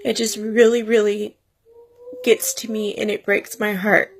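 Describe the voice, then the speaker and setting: Woman in her thirties; unhurried, gravelly, teary personal vlog talk. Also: mid-range voice, flat delivery, slight background noise. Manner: tearful, earnest, pleading. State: crying at times. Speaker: vlogger.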